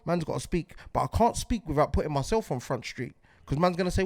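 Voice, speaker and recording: A fired-up man in his forties holds forth as a podcast host, his voice sitting high for a man. He circles back over his points again and again, checking in with "do you get what I'm saying." The recording is dry and close, with no room sound. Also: lively intonation, brisk, darkish tone, dry recording. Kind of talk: impassioned podcast monologue.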